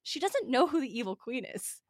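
A young woman co-hosting a casual talk show, animated and quick to act out characters' lines. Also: sits high, no echo, studio quality. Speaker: podcast co-host. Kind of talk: casual chat.

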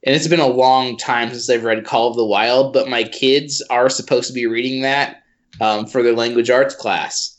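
A man co-hosting a podcast, a middle school teacher, talking in a relaxed, wry way with fillers. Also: mid-range voice, normal speed. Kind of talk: casual chat.

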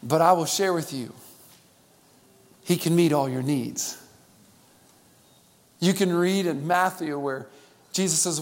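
A man's voice: fairly high pitch, slow pace, long pauses. Man preaching in a big reverberant hall. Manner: preaching with call-and-response, swinging between loud and hushed. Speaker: pastor. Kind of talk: sermon.

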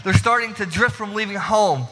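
A man's voice: high-pitched, moderate pace, sharp tone. A young man preaching a sermon in a casual, chatty way, talking straight to his congregation in a church sanctuary. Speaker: pastor. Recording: long reverb of a large hall.

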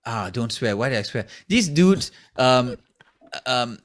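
A man's voice: mid-range voice, lively intonation, a little slow. A Singaporean man co-hosting a comedy podcast, chatting casually, swearing freely and ranting with laughs. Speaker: podcast co-host. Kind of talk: casual chat.

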